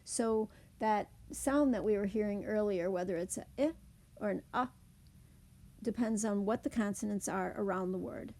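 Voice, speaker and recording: A woman teacher explaining speech sounds in a phonics lesson, saying example words slowly and clearly. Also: mid-range voice, mellow. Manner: clear, deliberate demonstration of words.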